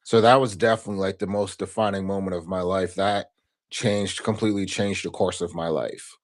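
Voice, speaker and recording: Deep-ish guy guesting on a podcast, earnest, keeps saying right?, thinking out loud. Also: fairly even intonation, brisk. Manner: earnest, reflective, often adds a questioning "right?". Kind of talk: casual interview conversation.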